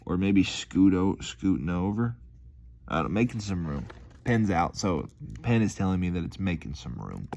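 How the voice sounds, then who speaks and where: A man's voice: low-pitched, sing-song, moderate pace, vocal fry, darkish tone. A young man rambling casually to his viewers, slangy and meandering, with lots of fillers. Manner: laid-back, slangy, meandering with many fillers. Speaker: vlogger.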